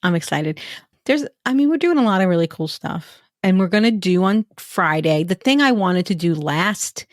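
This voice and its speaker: A woman co-hosting a podcast in casual chat, telling animated stories and laughing often. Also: lowish voice, normal speed, dry recording, clean studio sound. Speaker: podcast co-host.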